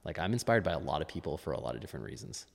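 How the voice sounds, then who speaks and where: A man's voice: extremely low pitch, big pitch swings, very fast, creaky, long reverb tail. A man who is a fitness coach, chatting as a podcast guest in a musing, restarting way. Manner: musing, with frequent restarts and laughs. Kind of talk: casual interview chat.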